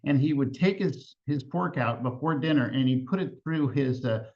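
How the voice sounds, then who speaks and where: A man telling a family tall tale live, halting and repeating words with chuckles between lines. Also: mid-range voice, a little mellow. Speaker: storyteller. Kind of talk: live storytelling. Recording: lo-fi event recording.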